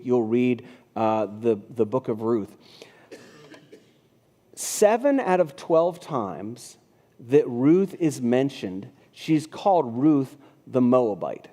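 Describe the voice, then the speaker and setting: A man's voice: medium pitch, warm tone. A pastor in his fifties preaching a conversational sermon, reading scripture aloud and restarting his phrases. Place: church sanctuary.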